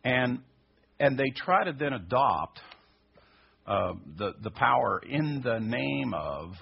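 A man teaching a sermon in an emphatic way, his voice rising to high stressed peaks. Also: big pitch swings, slow. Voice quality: husky, gravelly. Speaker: Messianic teacher. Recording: dull lo-fi recording.

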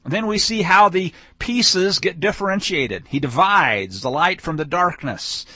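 Bright-voiced man teaching scripture. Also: sits high, animated, unhurried, husky, dry recording. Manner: conversational, explanatory, with frequent fillers. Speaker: Bible teacher. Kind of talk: weekly Torah portion teaching.

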